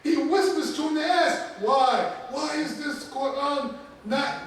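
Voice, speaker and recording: High-voiced imam preaching in an echoey hall. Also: male voice, takes it slowly, slight background noise. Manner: formal recited opening, then emphatic preaching with rising intensity. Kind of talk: Friday sermon. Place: mosque prayer hall. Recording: very echoey hall, mic from a distance.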